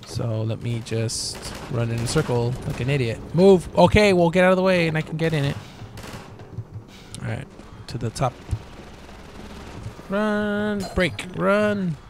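A man's voice: on the high side, lively intonation, unhurried, long pauses, slight background noise. A man giving casual, joking let's play commentary, swearing, laughing and playing mock-scared. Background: game music and gunfire.

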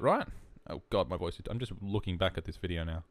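A man's voice: low voice, fast, no echo. A man with an Australian accent rambling in casual, jokey, self-mocking commentary over a video game. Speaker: gaming YouTuber. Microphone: headphones and desk mic.

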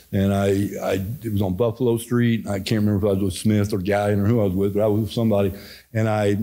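A middle-aged man, a pastor teaching Bible study in a folksy, animated way, acting out quotes. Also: on the low side.

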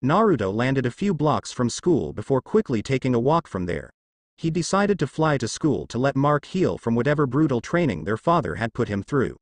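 A man narrates a fan fiction story in a casual, lightly wry manner. His pitch sits in a middle range but moves a lot. The sound is close and dry. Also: big pitch swings, normal speed, no room sound.

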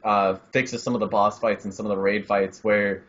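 Man co-host, mid-pitched, rambling filler-heavy chat; slightly muffled home-mic sound. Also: level tone, normal speed, fairly bright tone. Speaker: podcast co-host. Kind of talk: casual gaming podcast chat.

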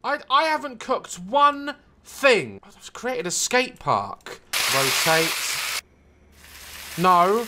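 Guy yelling and swearing over a game, voice jumps all over, bright edgy tone. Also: high-pitched, big pitch swings, extremely slow, a little hiss or hum. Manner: frantic, swears constantly, yelps and cackles at mishaps. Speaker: gaming YouTuber. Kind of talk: comedic gameplay commentary.

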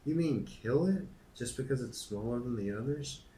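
A man's voice: medium pitch, expressive, moderate pace, dark tone, echoey room, a little hiss or hum, pitched above the performer's own voice, natural voice, low-quality recording. A man reading aloud and voicing an indignant eight-year-old farm girl in a raised, pleading voice. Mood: outraged.

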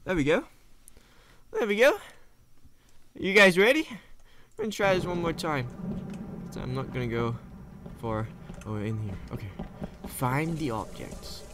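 A man's voice: fairly high pitch, animated, normal speed, long pauses, fairly bright tone, slight background noise. A man playing a horror game on camera, talking nervously to himself as he goes and swearing and screaming at the scares. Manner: nervous running self-talk. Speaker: gaming video host.

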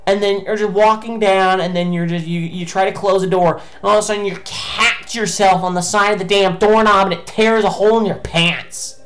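A woman doing let's play commentary, ranting in exasperation with heavy swearing and sudden bursts of shouting. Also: mid-range voice, steady tone, moderate pace, few pauses, low-quality recording. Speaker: gameplay commentator.

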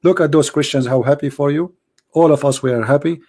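A man with an Arabic accent hosting a live call-in show, hoarse from losing his voice, preaching fervently and rising to emphatic declarations. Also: on the high side, brisk, a little mellow.

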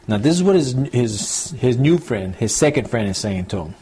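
A man preaching a sermon as a pastor, reading scripture slowly and then paraphrasing it with rising emphasis and repetition. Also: mid-range voice, expressive, darkish tone, breathy edge. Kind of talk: sermon, Bible teaching.

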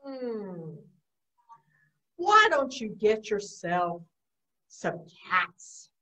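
A woman voicing a calm, thoughtful wise old owl in a low, hushed, drawn-out voice for a children's storytime. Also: exaggerated voice. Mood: pondering. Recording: distant, dull lo-fi sound.

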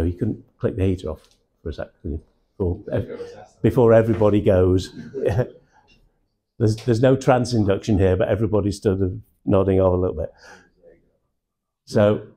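In a room, a man runs a live sales training session, teaching slowly and hitting key words with heavy emphasis. His voice is mellow and on the low side.

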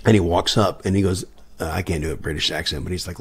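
A man with a very low voice, a guest musician on a podcast. He tells his stories with gusto, acting out the quoted lines and laughing often. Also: fast, creaky, husky. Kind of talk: anecdotal storytelling in a podcast interview.

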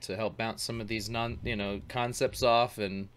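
A man's voice: fairly low pitch, little pitch movement, moderate pace, clean tone. A man hosting a casual glassblowing talk show, chatting loosely with slang while commenting on a demo. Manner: laid-back, slangy, talks over a glassblowing demo. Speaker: host.

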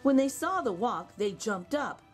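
A woman reading a children's picture book aloud, expressive with gentle asides. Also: a little high, a little slow, soft background music.

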